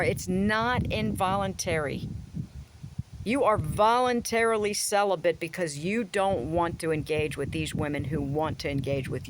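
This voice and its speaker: A woman's voice: mid-range voice, slight background noise. A woman vlogger ranting in a casual, blunt, crude way, with sarcastic jabs and mocking asides. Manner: sarcastic, swings into mocking voices. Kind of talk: casual opinion rant to camera.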